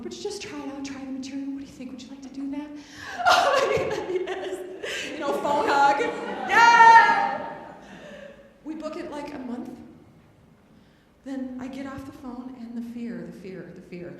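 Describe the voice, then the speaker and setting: A woman spiritual director, giving a humorous sermon and acting out her own scared voice and loud outbursts. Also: high-pitched, animated, fast talker, very noisy. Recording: roomy hall, voice from a distance.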